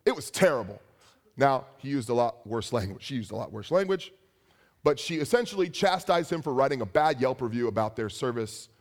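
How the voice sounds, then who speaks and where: Lively, animated young male preacher. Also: mid-range voice, fairly quick. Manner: animated storytelling with asides. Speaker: pastor. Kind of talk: sermon.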